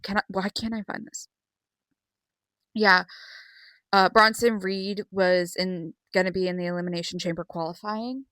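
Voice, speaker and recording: A girl rambling through an excited, sweary recap vlog with many fillers. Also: medium pitch, normal speed, pauses often, no echo. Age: young. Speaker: vlogger.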